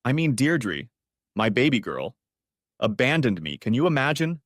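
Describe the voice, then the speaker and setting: A man's voice: mid-range voice, very animated, moderate pace, dry recording, studio quality. A man voicing a sneering, self-pitying ex-wife who puts on a false charm. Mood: sneering sweetness. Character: sneering, whiny woman, the hero's ex-wife.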